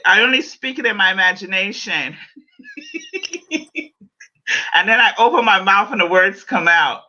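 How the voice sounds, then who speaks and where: Bright-voiced woman hosting a podcast. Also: medium pitch, brisk. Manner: animated, playful, repeats herself. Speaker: podcast host. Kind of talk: casual livestream chat. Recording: dull lo-fi sound.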